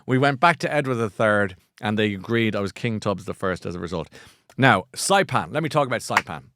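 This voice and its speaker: A man's voice: fairly low pitch, lively intonation, brisk, a bit bright. A middle-aged Irish man hosting a book show, chatting casually in a rambling, self-mocking, jokey way. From Ireland. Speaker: podcast host. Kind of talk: casual chat.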